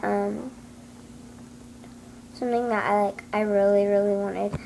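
A woman's voice: medium pitch, little pitch movement, unhurried, a little mellow, low-quality recording. A woman chatting casually to her camera at home, rambling and hesitant with lots of ums and restarts. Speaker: vlogger. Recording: clear background noise.

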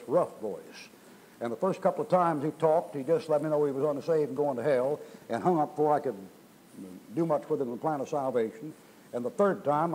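A pastor preaching a revival sermon in a folksy, colloquial storytelling manner, in a church. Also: male voice, fairly high pitch, darkish tone, low-quality recording. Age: older. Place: church sanctuary.

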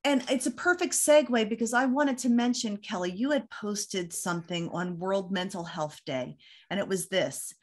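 A woman's voice: mid-range voice, animated, normal speed. A woman hosting a video-call panel discussion in an upbeat, encouraging manner. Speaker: panel host.

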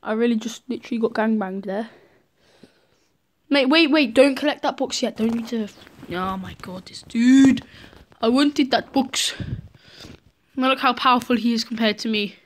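A woman hosts live gameplay commentary, her voice sitting a little higher than most. She is excitable and quick to react, cheering on and scolding her teammates as the match unfolds. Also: slight background noise. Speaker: gaming video host.

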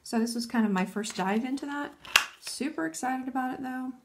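Woman nail-art vlogger, casual and excitable, thinks aloud, a touch high-pitched. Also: fairly quick, noisy background. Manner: chatty, enthusiastic, thinking aloud. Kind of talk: casual tutorial chat.

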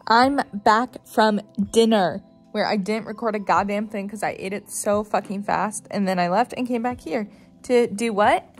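A college student in her early twenties vlogs into a phone held at arm's length, ranting in frustration and swearing a lot, first in her car and then her apartment. Her mid-range voice moves at a moderate pace, with faint music in the background.

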